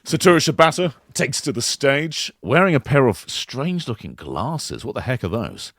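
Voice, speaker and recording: A man co-hosting a podcast in casual chat, pitching an imagined game console like an animated storyteller. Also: moderate pace, no room sound, studio quality. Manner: animated storyteller who slips into silly voices. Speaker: podcast co-host.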